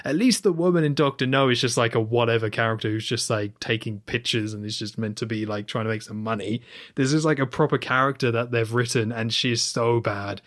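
A man co-hosting a film podcast in casual chat, animated and rambling, with lots of "like"s. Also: mid-range voice, brisk. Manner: animated, talks in long run-on stretches with many "like"s. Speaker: podcast co-host.

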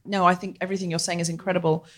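A woman's voice: on the low side, little pitch movement, very fast, a bit bright. A woman with a British accent hosting a live podcast on a comedy club stage, playful and self-deprecating. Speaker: podcast host.

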